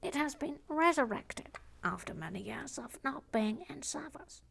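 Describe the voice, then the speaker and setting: A woman's voice: high voice, animated, measured pace, gravelly, a bit bright, a little hiss or hum. A woman co-hosting a LEGO stream, reading out trivia in a dry, matter-of-fact way with wry asides. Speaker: co-host sharing LEGO trivia. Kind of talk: casual chat with read-out facts.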